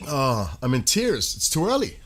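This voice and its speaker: A man's voice: medium pitch, huge pitch swings, normal speed, a bit bright. A man hosting a live stream, chatting casually with viewers, laughing often and breaking into bits of song. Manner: laughing, rambling, breaks into sung snippets. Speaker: livestream host.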